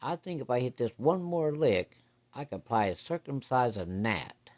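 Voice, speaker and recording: A man telling a story voices a stern, protective older father grilling a young suitor, in a gruff, interrogating manner. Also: mid-range voice, sing-song, moderate pace, a little mellow, pitched above the performer's own voice.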